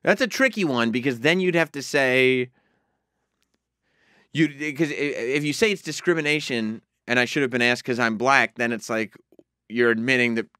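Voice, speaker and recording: A man's voice: mid-range voice, bright, forceful tone, no room sound, studio quality. A man hosting a radio talk show, bantering, laughing often and taking callers. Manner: laughs often, takes calls.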